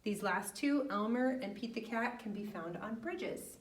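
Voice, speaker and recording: A woman's voice: medium pitch, animated, unhurried. A woman running a children's library storytime in a patient, sing-song teaching manner. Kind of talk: storytime for young kids. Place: library room. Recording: echoey room, mic far off.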